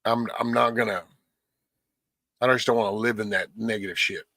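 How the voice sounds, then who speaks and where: A man's voice: on the low side, steady tone, moderate pace, bright, forceful tone, no echo, clean studio sound. A man hosting a casual livestream, rambling bluntly with lots of cussing and a preachy edge. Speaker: livestream host.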